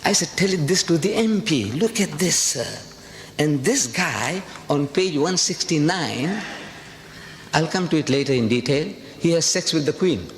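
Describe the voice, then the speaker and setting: A man's voice: fairly high pitch, expressive, normal speed. An older man from South Africa giving an impassioned, rhetorical lecture to a live audience, repeating phrases for emphasis. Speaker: public speaker. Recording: echoey hall with faint hiss.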